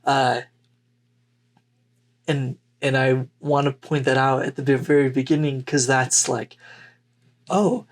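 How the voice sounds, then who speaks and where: Male podcast co-host, unhurried rambling delivery. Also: medium pitch, level tone. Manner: rambling, unhurried, many fillers. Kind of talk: casual chat.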